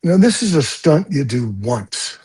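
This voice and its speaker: An older man, a stunt coordinator, telling blunt, animated stories from film sets in an interview and swearing freely. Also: a little high, unhurried, husky. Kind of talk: storytelling interview.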